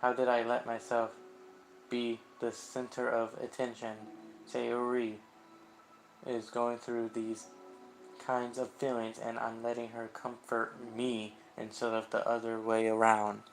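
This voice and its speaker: A guilt-ridden teenage club president from a visual novel game, earnest and hard on herself, read by a man in his own voice. The delivery is slow and heartfelt, at a middle pitch. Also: completely flat delivery, natural voice, low-quality recording. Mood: guilty. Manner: earnest, self-blaming reading.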